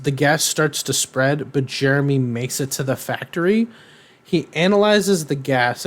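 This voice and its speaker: A man co-hosting a casual podcast, walking through a cartoon episode in a loose, rambling style. He fills pauses with frequent ums and throws in irreverent, offhand jokes, dropping into character voices now and then. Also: mid-range voice. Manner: rambling, filler-heavy, irreverent; acts out characters' lines in quotes. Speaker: podcast co-host.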